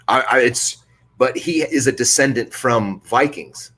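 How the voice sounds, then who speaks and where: A man's voice: medium pitch, normal speed, fairly bright tone. A man hosting a podcast in casual chat, laid-back and profane, laughing often. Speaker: podcast host.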